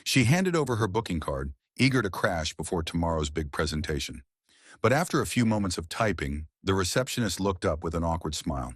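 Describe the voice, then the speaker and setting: Brief: low-voiced male narrator, husky, measured delivery, dry close mic. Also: very animated, no echo. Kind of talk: scripted audiobook narration.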